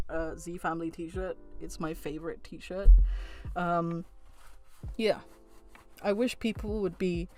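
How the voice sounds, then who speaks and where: A woman vlogger talking to camera in a frank, heated rant, swearing freely and laughing at herself. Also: lowish voice. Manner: blunt, swearing, frank rants; heated, animated. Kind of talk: casual chat to camera.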